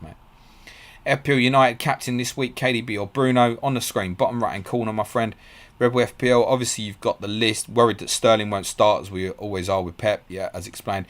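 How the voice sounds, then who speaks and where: A man hosting a live stream, reading out viewer questions and answering them quickly and bluntly. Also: lowish voice. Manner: fast, blunt and matey, calls viewers mate. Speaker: podcast host.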